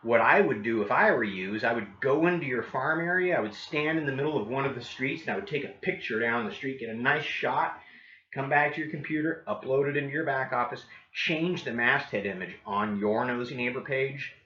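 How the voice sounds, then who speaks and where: Upbeat man coaching, bright and roomy. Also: medium pitch, brisk, lo-fi sound. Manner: upbeat, keeps asking "right?". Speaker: real estate coach. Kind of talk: training talk with role-played doorstep scripts.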